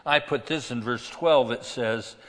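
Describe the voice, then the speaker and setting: A man preaching a sermon as pastor, swinging between loud emphasis and quiet asides. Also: medium pitch, a little slow, big-room sound.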